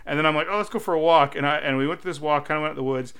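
A man in his thirties co-hosting a casual podcast, telling stories with lively acted-out quotes. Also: a little high, racing, clean tone. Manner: animated storyteller, acts out quotes. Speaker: podcast co-host. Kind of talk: casual chat.

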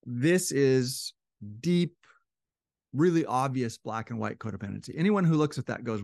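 A man's voice: medium pitch, animated, moderate pace, vocal fry, a little mellow, dry recording, studio quality. A man talking casually about relationships, often acting out quoted partners, his voice a little strained. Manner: conversational, acts out quoted couples with shifting voice. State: slightly strained voice. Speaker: relationship educator. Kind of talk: casual explanatory talk.

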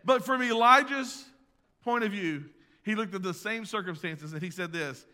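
High, bright-voiced male preacher in a hall. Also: normal speed. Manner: preaching with swings between loud emphasis and hushed asides. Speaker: pastor. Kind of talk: sermon. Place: church sanctuary. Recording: long reverb of a large hall.

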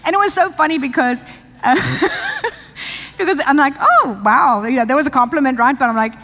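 A woman's voice: sits high, big pitch swings, moderate pace, fairly bright tone. A woman pastor from South Africa, telling a personal story in a chatty sermon, laughing often and restarting her sentences. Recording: long reverb of a large hall.

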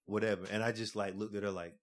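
A man's voice: lowish voice, fast talker. A young man casually telling a story among friends, swearing freely and acting out what people said. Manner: animated storyteller, swears a lot, acts out quotes loudly. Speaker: podcast co-host telling a story. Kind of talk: casual chat.

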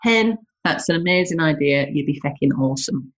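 A woman's voice: low voice, animated, a little fast. A woman voicing a cheerful, encouraging Scottish woman friend with a Scottish accent.

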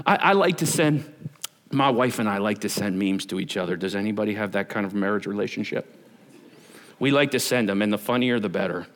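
A man, a pastor, preaching an energetic, conversational youth camp sermon and joking with the listeners. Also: fairly high pitch, brisk. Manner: energetic, conversational, jokes with the audience.

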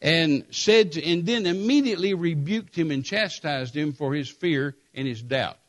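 A man preaching a sermon, telling a scripture story with emphatic repetition and animated storytelling. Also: on the high side, normal speed.

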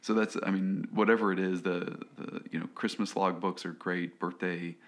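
A man with a low, deep voice gives casual advice on a podcast. He talks in stops and starts and leans on "you know" and "right?" as he works through his point. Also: steady tone. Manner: halting, heavy on fillers like "you know" and "right?".

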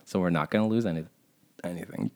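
A man with a fairly low voice hosts a relaxed podcast conversation. He rambles along, drops casual swear words and breaks into laughter often. His delivery is loose and conversational. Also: fast talker. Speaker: podcast host and co-founder.

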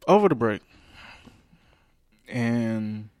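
A man's voice: mid-range voice, animated, very slow, smooth, no echo, highs cut off. A young man co-hosting a podcast, talking in a laid-back, rambling way with fillers. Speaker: podcast co-host. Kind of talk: casual podcast chat.

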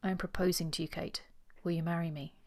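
A woman reading the part of a reserved, brusque gentleman suitor from a novel. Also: on the low side, little pitch movement, fast talker, close to an everyday voice. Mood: exasperated. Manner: brusque, exasperated.

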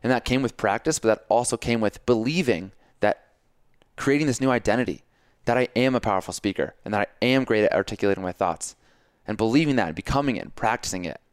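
A man hosting a casual podcast chat, coaching and telling stories in an animated way, acting out his own self-talk. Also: lowish voice, quick pace, clear, resonant tone, no echo, studio quality. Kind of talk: casual conversation.

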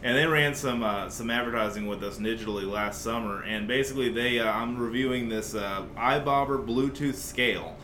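A man hosting a podcast, describing products in a relaxed way with many fillers. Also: mid-range voice, normal speed, hardly any pauses, a little hiss or hum. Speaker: podcast host. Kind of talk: casual podcast chat. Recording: echoey room.

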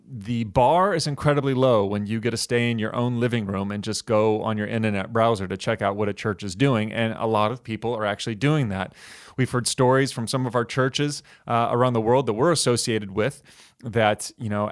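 A man's voice: medium pitch, clean tone. A man speaking casually to a church audience, chatty and good-humored, often saying "you guys".

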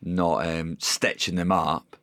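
Man, 30s, lowish voice, dry close studio sound, rambling self-mocking anecdotes for a chat podcast. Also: level tone, takes it slowly, fairly bright tone, no echo. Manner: rambling, self-deprecating storytelling with many restarts. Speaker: comedian guest.

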